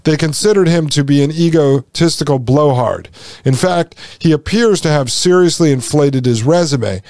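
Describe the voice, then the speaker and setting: A man's voice: a little high, moderate pace, darkish tone, no echo, clean studio sound. A man hosting a podcast, reading passages from an article and breaking off for sarcastic, folksy asides to his listeners. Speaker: podcast host.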